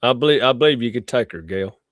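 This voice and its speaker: A man's voice: mid-range voice, expressive, fast, no room sound. A man, hosting a casual political chat show, joking and teasing his co-host.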